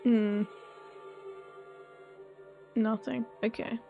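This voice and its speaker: A woman's voice: fairly high pitch, flat delivery, very slow, gravelly, highs cut off, faint music behind. A woman streamer chatting casually while sleepy and yawning, rambling and self-deprecating, often trailing off.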